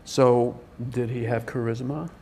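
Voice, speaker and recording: A man's voice: mid-range voice, steady tone, unhurried, vocal fry, heavy background noise. An older man, a film director, answering questions at a press event in a rambling, hesitant way, full of restarts.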